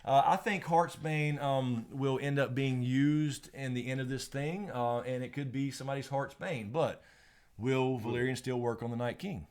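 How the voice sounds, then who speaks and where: A man's voice: mid-range voice, normal speed, a little mellow, clear, resonant tone. Young male streamer host, loose and chatty, mid-range voice. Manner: rambling, laughs often, curses casually. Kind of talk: casual live Q&A chat.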